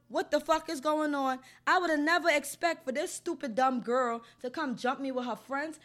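High-voiced, blunt woman. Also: fairly bright tone. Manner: blunt, heated, heavily profane. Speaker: storyteller recounting an assault. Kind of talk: casual storytelling.

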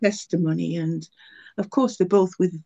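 Older woman, interview guest, earnest testimony; mellow tone, slightly muffled recording. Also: lowish voice, normal speed, gravelly. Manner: earnest, emotional storytelling with many restarts. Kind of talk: personal faith testimony.

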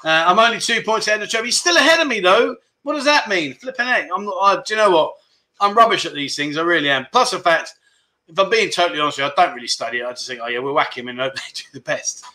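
Man, livestream host, bright tone, slightly high voice, chatty and jokey. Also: animated, quick pace. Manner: chatty, jokey, self-deprecating, reads comments aloud. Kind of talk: casual chat reading viewer comments. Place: home livestream setup.

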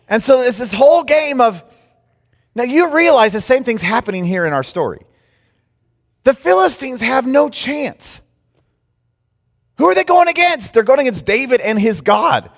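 A man preaching a sermon, telling a story with lively shifts in volume and pace. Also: high-pitched. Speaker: pastor. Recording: reverberant hall.

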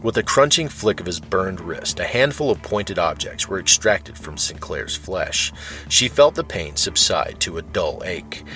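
A man narrating a story in a steady, even manner. His voice is very deep and low. Faint music plays beneath the reading. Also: measured pace. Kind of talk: scripted narration.

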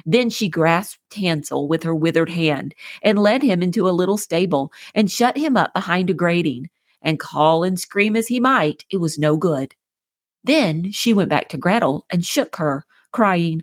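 A woman hosting a children's podcast, reading a fairy tale aloud in a gentle, clear scripted narration. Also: on the low side, expressive, a little slow, no room sound, studio quality. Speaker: podcast host and storyteller.

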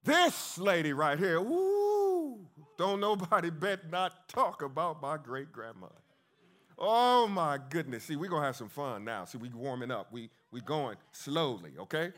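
A man preaching a lively sermon, emphatic and calling out to his congregation. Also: on the high side, normal speed. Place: church hall with congregation.

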